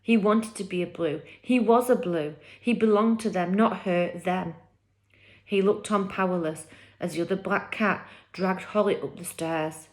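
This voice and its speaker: A woman reading a children's novel aloud chapter by chapter, with expressive, dramatic storytelling. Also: mid-range voice, unhurried.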